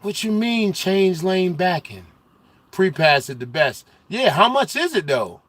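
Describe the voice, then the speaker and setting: A young man hosts a trucking livestream, trading banter with his viewers in heavy slang. His voice sits a little on the high side, and he gets loud and animated when he teases the chatters. Between the jokes he talks plainly and casually about life on the road. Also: a little slow, no room sound. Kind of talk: casual livestream chat, reading viewer comments.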